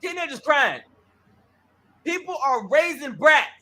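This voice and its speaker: High bright voiced guy ranting loud, repeats himself a lot. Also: big pitch swings, moderate pace. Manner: loud, emphatic, repetitive. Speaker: host. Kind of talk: ranting commentary.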